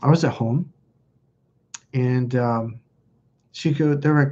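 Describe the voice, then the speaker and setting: A man's voice: mid-range voice, fairly quick, pauses often, darkish tone, breathy edge, dull audio. A man hosting a live stream, telling stories in a blunt, profane, self-mocking casual chat. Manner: blunt, profane, laughs at himself.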